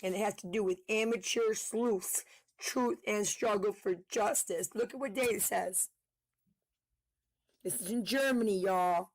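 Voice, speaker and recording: A woman commentator talking in a heated, fast way, swearing often. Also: medium pitch, no echo. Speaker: online commentator. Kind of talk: casual commentary video.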